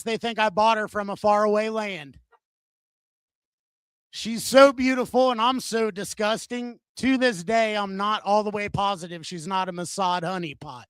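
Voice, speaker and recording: A man's voice: sits high, moderate pace, fairly bright tone, clean tone, no echo. Brief: male comic in his thirties, raunchy self-mockery, dry close stage-mic sound. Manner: crude, self-mocking, punchy delivery. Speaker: stand-up comedian. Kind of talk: stand-up comedy set. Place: comedy venue stage.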